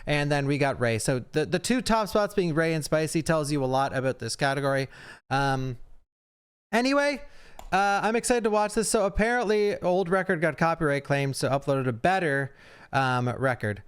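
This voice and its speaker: A man's voice: a little high, expressive, clear, resonant tone. A young man streaming, chatting casually through a reaction to a speedrun with lots of fillers. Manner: chatty, fast asides, frequent fillers.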